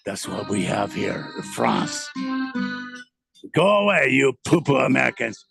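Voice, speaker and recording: A man's voice: medium pitch, lively intonation, fairly quick, creaky, over music. A man voicing a snooty Frenchman who mocks Americans in an exaggerated French accent. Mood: mocking, taunting. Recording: dry studio sound.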